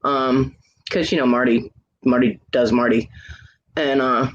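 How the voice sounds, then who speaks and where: Over a muffled, lo-fi mic carrying a faint hiss, a man streaming with friends unspools a long, meandering story. His medium-pitched voice is steady and unhurried, and he curses freely while quoting the people in the tale.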